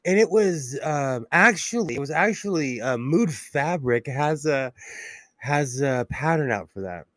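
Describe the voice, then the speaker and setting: A man chatting casually, rambling through stories and cracking jokes at his own expense. His voice sits at a middle pitch and sounds dry and close to the mic. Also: expressive, measured pace, fairly bright tone, dry recording. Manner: rambling, jokey, self-deprecating. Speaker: guest. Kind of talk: casual chat.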